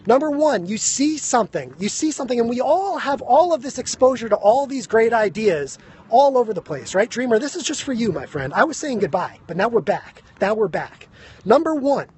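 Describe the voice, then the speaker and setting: A man giving a fast, emphatic motivational talk on a phone live stream, out of breath, and he keeps asking "right?". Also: very high-pitched, sing-song, darkish tone, a little hiss or hum. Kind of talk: energetic motivational talk to viewers. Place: high school grounds.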